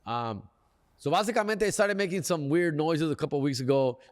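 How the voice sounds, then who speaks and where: A man's voice: on the high side, a little fast, long reverb tail. Slangy Los Angeles man telling a story. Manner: slangy, animated, peppers lines with "fool" and "dog". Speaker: comedian and podcast host. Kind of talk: casual storytelling.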